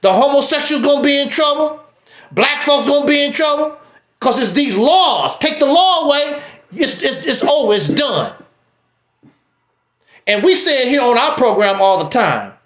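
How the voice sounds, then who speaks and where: A man hosting a livestream, talking in a casual, preachy, emphatic way with wide swings in pitch. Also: big pitch swings, moderate pace, a bit bright, echoey room. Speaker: livestream host. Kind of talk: casual commentary.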